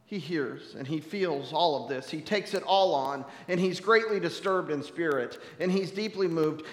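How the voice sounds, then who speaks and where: A man's voice: fairly high pitch, normal speed, hardly any pauses. Preaching man in an echoey hall. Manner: conversational, wry asides. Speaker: pastor. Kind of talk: sermon.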